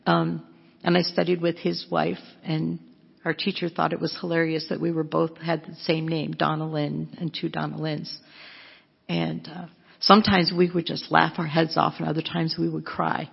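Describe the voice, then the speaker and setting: A woman's voice: low-pitched, flat delivery, normal speed, creaky, breathy edge. A woman giving a chatty, self-mocking storytelling talk as a missionary speaker, laughing often. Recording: dull lo-fi with long hall echo.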